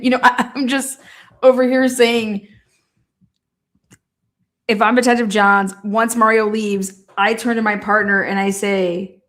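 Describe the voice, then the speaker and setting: A woman hosting live trial commentary, talking in an animated, profane way and laughing often. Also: a little high, moderate pace, long pauses.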